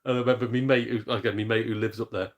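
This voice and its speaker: A gaming streamer, a man with a lowish, steady voice, talks very fast while hosting a casual live game stream. He reads out viewers' messages and is chatty, jokey and self-mocking, with mild swearing.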